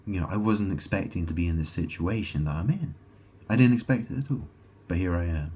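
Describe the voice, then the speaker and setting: A man's voice: deep voice, a little fast, warm tone, slightly rough. A man talking straight to camera in a rambling monologue, swearing freely, repeating himself, breaking off and restarting, and firing rhetorical questions at the listener. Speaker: self-proclaimed god vlogger.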